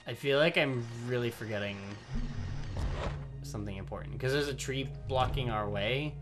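A man's voice: medium pitch, moderate pace. A man co-hosting a let's play, chatting casually and joking at his own expense. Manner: joking, self-mocking. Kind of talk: casual gaming chat. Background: video game music.

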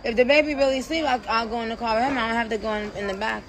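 A woman's voice: fairly high pitch, steady tone, rapid-fire. A woman hosting her own live stream from her phone, talking loosely and playfully, swearing and trailing off mid-sentence. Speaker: livestream host. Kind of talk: casual livestream chat.

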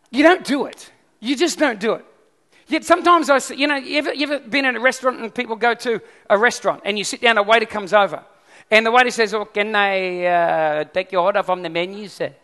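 A male pastor preaches in a bright, forceful tone, his high voice ringing with a long hall reverb. He keeps the sermon lively and keeps asking the congregation questions. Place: church hall.

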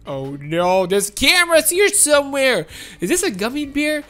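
High, excitable woman gaming. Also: normal speed. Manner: excitable, exclamatory, giggly. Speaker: gaming channel host. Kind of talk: playthrough commentary.

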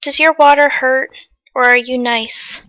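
A high, bright-voiced woman chats casually over a game she is playing. She is loud, breaking into panicky yelps and shouts as things chase her. Her voice stays sharp and lively throughout. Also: a little slow, clean tone, dry recording. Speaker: gamer host. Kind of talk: casual gameplay chat.

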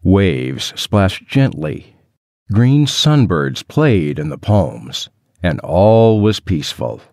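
A man's voice: low-pitched, sing-song, slow pace, a little mellow, no echo. A man narrating an adventure story in the first person, with a dry, wry storytelling manner. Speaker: audiobook narrator.

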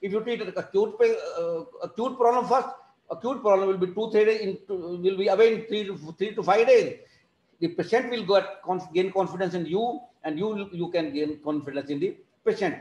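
A high-pitched man lectures students over a video call and keeps repeating the points he wants them to remember. His phrasing is non-native, and the room around him rings with echo. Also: normal speed, a little mellow. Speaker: teacher of alternative therapy. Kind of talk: online class lecture.

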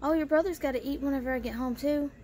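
A woman's voice: high voice, quick pace, darkish tone, voice pushed up, lightly acted. A woman voicing her older mother, an unbothered petty thief who offers matter-of-fact, defensive excuses.

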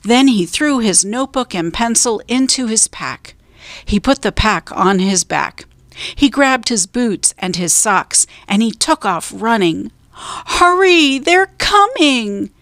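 A woman storyteller reading a children's book aloud, slow, clear and deliberate. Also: medium pitch, no room sound.

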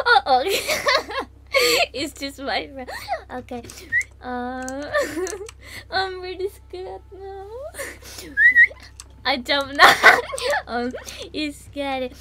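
A very high, lively voice from a woman streamer from England, jumpy and quick to laugh as she plays. Her pitch leaps all over. Loud background noise and keyboard clicks sit under her voice. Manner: jumpy, laughs often, easily startled. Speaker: live streamer. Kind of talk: live gaming stream chat.

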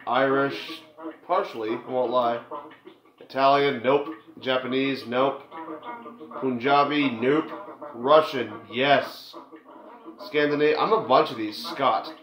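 A man's voice: medium pitch, steady tone, slow, pauses often, crowd noise. Crude, joking male gamer. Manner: crude, joking, talks back to the game. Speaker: let's play gamer. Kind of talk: casual gameplay commentary. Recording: dull, echoey home recording with game music.

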